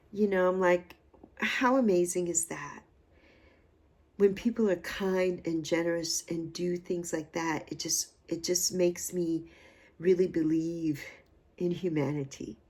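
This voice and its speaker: This livestream host, a woman in her sixties, has a lowish, darkish voice with vocal fry and a breathy edge. In a casual, heartfelt chat she sounds effusive and still emotional, repeating phrases for emphasis.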